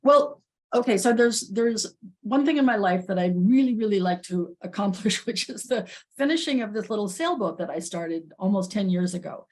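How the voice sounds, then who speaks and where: Halting, tearful woman sharing. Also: mid-range voice, lively intonation, darkish tone. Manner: halting, tearful, with frequent restarts and nervous laughs. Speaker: workshop participant. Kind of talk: emotional personal sharing.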